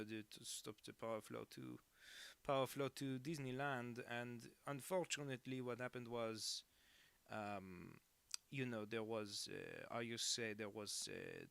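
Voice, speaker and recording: A man's voice: mid-range voice, fairly even intonation, gravelly, clean tone, dry recording. A man voicing a rambling adult French man who halts often and speaks in broken English. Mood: sheepish. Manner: halting, many fillers, broken English.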